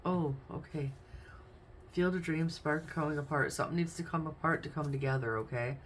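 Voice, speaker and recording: A woman's voice: sits low, moderate pace, a little hiss or hum. Chatty woman reading tarot cards. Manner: chatty, thinks aloud while naming cards. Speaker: tarot reader. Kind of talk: casual tarot card reading.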